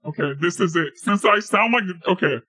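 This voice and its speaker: A woman's voice: on the low side, expressive, normal speed, bright, forceful tone, no echo, rough recording. A woman streamer chatting casually and giggling while she tests a voice changer. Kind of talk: casual live-stream chat.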